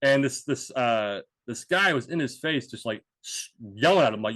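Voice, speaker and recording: A man's voice: mid-range voice, animated, moderate pace, fairly bright tone, no room sound. A man co-hosting a podcast, telling a story in a rambling, casual way with restarts and swearing. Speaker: podcast co-host. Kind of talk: casual chat.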